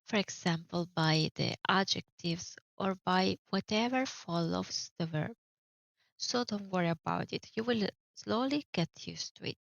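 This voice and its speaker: Slow, gravelly woman teacher. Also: medium pitch, no echo. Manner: slow, careful explanations with spelled-out examples. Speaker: Italian teacher. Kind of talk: online grammar lesson. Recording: dull, dry lo-fi audio.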